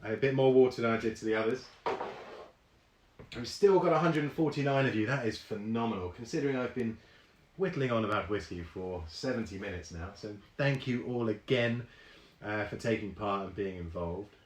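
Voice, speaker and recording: A man's voice: on the low side, moderate pace, reverberant. A man hosting a live online whisky tasting, chatting casually with many ums and reading viewer comments aloud.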